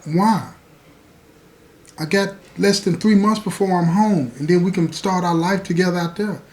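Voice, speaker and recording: A man voicing a heartbroken young man in prison, pleading in a somber, low voice. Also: moderate pace, darkish tone, natural voice.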